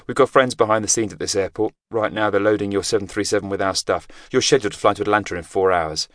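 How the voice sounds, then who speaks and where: A man playing a teenage boy undercover agent who speaks in a flat, controlled and quietly menacing way. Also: fairly low pitch, quick pace, no room sound, studio quality, lightly acted. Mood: coldly firm.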